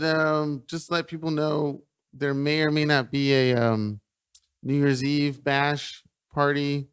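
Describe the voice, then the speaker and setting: A man's voice: medium pitch, clean tone, no echo. A man hosting a podcast, talking in a hesitant, casual way with many fillers. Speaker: podcast host. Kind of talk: casual chat.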